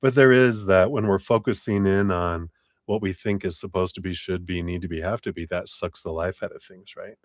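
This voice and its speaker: A man's voice: low-pitched, fairly even intonation, fairly quick, no room sound, studio quality. A man giving a live-stream tarot reading in a chatty, laughing, rambling way. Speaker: tarot reader. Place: home room with air conditioner.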